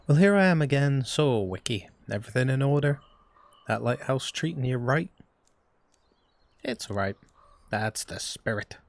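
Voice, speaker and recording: A man's voice: medium pitch, lively intonation, normal speed, vocal fry, pauses often. A man voicing a folksy male fisherman with a Southern drawl and a chummy way of talking.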